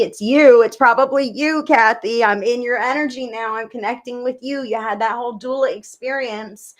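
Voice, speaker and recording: Gushing woman streaming live psychic readings. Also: a little high. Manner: gushing, affectionate, rambling. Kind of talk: live-stream chat with viewers.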